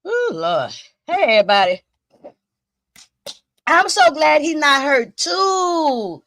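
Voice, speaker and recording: A woman hosting a casual live stream, talking straight to her viewers in an excitable, profane way. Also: high voice, slow, dry recording, clean studio sound.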